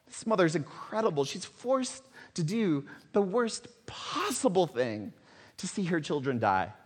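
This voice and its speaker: Man preaching a dramatic sermon, hall reverb. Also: fairly high pitch. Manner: dramatic storytelling, swings between loud and hushed. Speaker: pastor.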